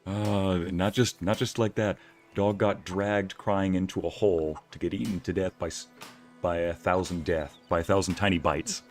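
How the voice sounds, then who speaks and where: A man casually commentating a video game as a streamer, playful and jokey, sometimes breaking into loud yelling. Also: sits low, steady tone, normal speed, faint music behind.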